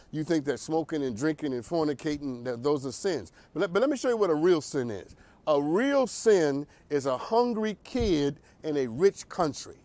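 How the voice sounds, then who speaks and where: A man hosting a talk show, giving animated, preachy commentary and laughing often. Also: a little high, no room sound. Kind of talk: energetic commentary.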